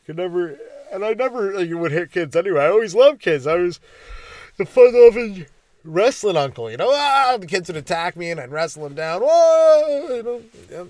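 A man's voice: high voice, animated, fairly quick, darkish tone, dry recording. A man from Ontario, hosting a comedy podcast in a rambling, crude, ironic monologue that keeps interrupting itself. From Ontario, Canada.

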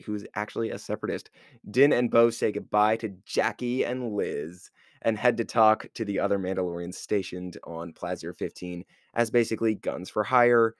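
A man's voice: fairly low pitch, normal speed, no echo, studio quality. A man hosting a podcast, recapping a show episode casually with lots of filler words. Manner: rambling, heavy on filler words. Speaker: podcast host.

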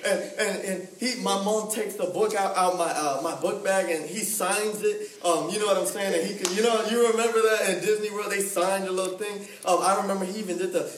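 A young man preaching in a lively, slangy storytelling style, acting out the voices of the people in his story. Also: sits high, normal speed, hardly any pauses, slight background noise. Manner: animated, slangy, acts out voices. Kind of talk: storytelling sermon. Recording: echoey room, mic at a distance.

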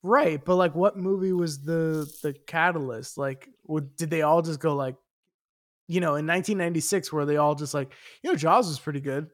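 Movie podcast dude, slightly higher voice, lots of "like", keeps asking questions. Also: male voice, normal speed. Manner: curious, asks lots of questions, lots of filler "like". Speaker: podcast co-host. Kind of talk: casual movie chat.

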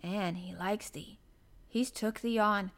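A woman's voice: on the high side, expressive, normal speed, close to an everyday voice. A woman doing a cheerful moor boy. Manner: broad dialect, cheerful and easygoing. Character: friendly young country boy, easy and unafraid.

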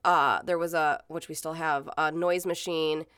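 A woman's voice: low voice, steady tone, a little slow, fairly bright tone, clean tone, no echo, clean studio sound. A woman in her thirties telling stories in casual chat, rambling with many fillers and swearing freely. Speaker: podcast co-host.

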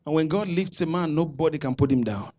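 A man with a Nigerian accent preaching a sermon, calling out to the congregation and building to shouted declarations. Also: a little high, animated, brisk, highs cut off. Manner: preaching with call-and-response, rising to shouts. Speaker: pastor.

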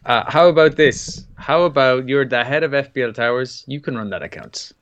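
A man's voice: medium pitch, normal speed, fairly bright tone, smooth, lo-fi sound. A man co-hosting a casual podcast, teasing his partner in a wry, easygoing way. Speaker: podcast co-host.

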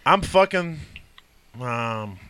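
A man's voice: medium pitch, animated, drawn-out words, sharp tone, a little hiss or hum. A man hosting a podcast, passing turns around and teasing the others. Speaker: podcast host. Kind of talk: casual comedic chat.

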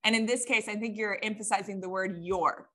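Podcast host, woman, bright and punchy, likes building emphatic lists. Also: mid-range voice, fairly even intonation, fairly quick. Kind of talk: casual podcast chat.

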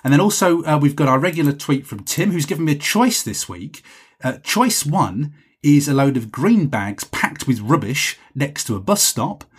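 This podcast host reads out listener messages alone, rambling along and making fun of himself. His voice is fairly high and sing-song with a breathy edge, at a normal speed.

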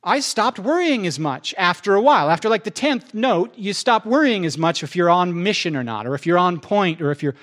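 Animated man preaching a sermon. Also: high-pitched, brisk, few pauses. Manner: animated, acts out both sides of conversations with God. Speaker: pastor.

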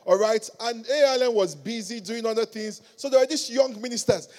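A male pastor with a high voice delivers an animated sermon. He swings between quiet asides and loud, ringing exclamations, acting out the voices in his stories. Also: a little fast, hardly any pauses. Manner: animated preaching, acted quotes, rises to loud exclamations.

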